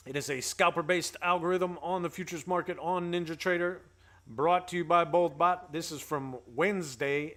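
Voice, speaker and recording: This is a man with a fairly high voice who hosts a casual trading livestream. He keeps an upbeat, playful tone and drops slangy banter and rhymes as he greets viewers by name. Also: fairly bright tone. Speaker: host.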